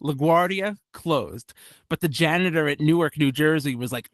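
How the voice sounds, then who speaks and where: A man from New telling stand-up stories on a club stage, with a fairly high voice. He rambles along, breaks off and restarts, and pokes fun at himself. The sound is dry and close. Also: moderate pace, fairly bright tone, no echo. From United States. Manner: rambling, self-deprecating, many restarts and asides. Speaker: stand-up comedian. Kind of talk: stand-up comedy set.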